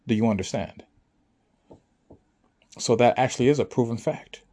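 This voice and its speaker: A spiritual speaker delivers a motivational monologue to an audience, his mellow male voice at medium pitch and normal speed. He preaches emphatically, often asking listeners whether they understand.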